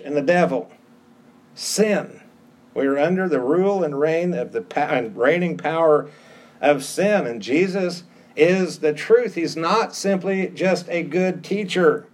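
A man's voice: on the high side, expressive, measured pace, a little mellow. A middle-aged pastor delivers a sermon in a slightly raised voice. He drives home each point by repeating short phrases with emphasis.

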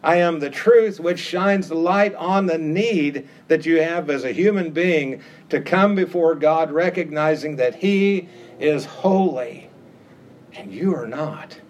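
A middle-aged male preacher delivers a sermon at a slow, deliberate pace. His voice sits a little higher than most men's and climbs on repeated phrases, pressing each point home with steady emphasis. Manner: emphatic, repetitive preaching cadence with rising emphasis.

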